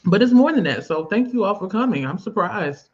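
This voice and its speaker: A woman's voice: mid-range voice, expressive, brisk, darkish tone, breathy edge, lo-fi sound. A woman hosting a casual livestream, chatting loosely and laughing often as she talks to a guest. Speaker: livestream host. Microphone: video call.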